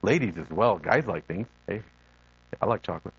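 A man's voice: low-pitched, normal speed, vocal fry, no room sound, highs cut off. A middle-aged man, a lay preacher and missionary, giving an unscripted sermon full of personal stories and acting out the voices he quotes. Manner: earnest storytelling, animated quoted voices.

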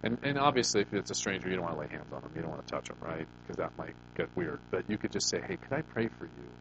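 A man's voice: low voice, big pitch swings, quick pace, dull audio, noisy background. Man preaching a conversational sermon. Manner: conversational storytelling, rhetorical questions, frequent restarts. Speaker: pastor.

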